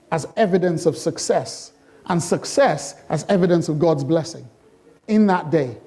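A middle-aged male pastor preaching a sermon, asking the congregation repeated rhetorical questions and moving between slow, emphatic lines and quick bursts. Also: high voice, dark tone.

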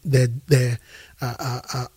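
Man, show host, husky and warm, earnest, dry close mic. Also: medium pitch, flat delivery, a little slow, no echo. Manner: earnest, repeats and restarts while building a point. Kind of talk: faith-based parenting talk.

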